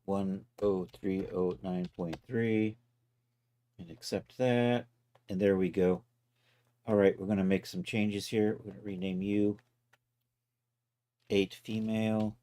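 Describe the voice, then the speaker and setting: A man casually talking himself through each step of a software task on a live stream, loose and self-mocking. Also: low voice, level tone, slow pace, pauses often. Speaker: livestreaming 3D content creator.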